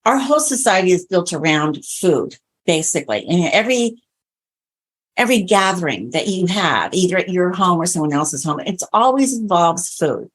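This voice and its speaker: In a conversational interview, a woman who coaches clients toward diabetes-friendly meals chats like a storyteller, acting out her retellings with animation. She has a lowish voice and speaks at a normal pace.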